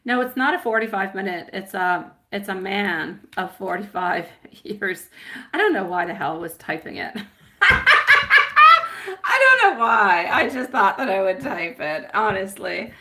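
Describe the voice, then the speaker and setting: A woman's voice: mid-range voice, normal speed, fairly bright tone, a little hiss or hum. A woman giving a live-stream tarot reading, chatty and affectionate, often laughing at herself.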